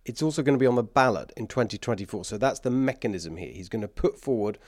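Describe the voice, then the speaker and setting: A man's voice: on the low side, lively intonation, fast talker, dry recording, clean studio sound. A man with an English accent hosting a political talk show, emphatic and sarcastic, with bursts of mockery and laughter.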